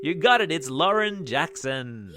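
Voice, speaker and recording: A man's voice: fairly high pitch, big pitch swings, unhurried. A man with an Australian accent hosting a children's news podcast in an upbeat, playful way. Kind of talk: kids' news podcast presenting.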